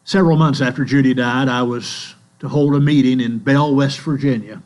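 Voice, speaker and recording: An older man preaches in a church, telling his stories slowly and earnestly. His voice sits at an ordinary middle pitch. A faint mains hum runs under the recording. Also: steady tone, a little mellow. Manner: slow, earnest storytelling. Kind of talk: sermon.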